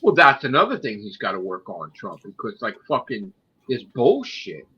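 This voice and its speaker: A man's voice: medium pitch, huge pitch swings, moderate pace, breathy edge, lo-fi sound. An American man ranting in a casual chat, swearing a lot. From United States.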